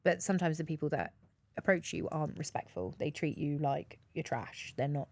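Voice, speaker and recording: A woman co-hosting a podcast in casual chat, chatty and quick to laugh. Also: low-pitched, vocal fry. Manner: chatty, laughs often, mimics messages in put-on voices. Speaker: podcast co-host.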